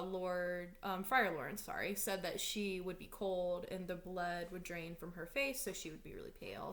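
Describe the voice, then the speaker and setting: A young woman gives a relaxed online lesson from home, talking through a play in a loose, chatty way. She fills her talk with likes and ums, and she gets dramatic when she reads the lines aloud. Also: medium pitch. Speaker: English teacher. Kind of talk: casual read-aloud lesson.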